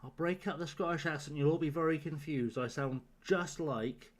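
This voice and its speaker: A man streams a game live, cracking sardonic, profane jokes to his viewers in the chat. His voice is a little high and his pace moderate.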